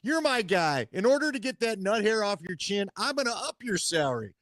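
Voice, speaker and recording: Man, co-host, teasing, storytelling, fairly high voice, dry close sound. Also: sing-song, a little fast, a bit bright, no room sound. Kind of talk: casual chat.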